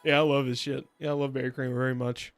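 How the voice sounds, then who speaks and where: A man's voice: medium pitch, flat delivery, fast talker, soft background music. Chatty young man streaming a game. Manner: rambling, chatty, laughs often, silly sing-song asides. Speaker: VTuber streamer. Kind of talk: casual gameplay stream chat.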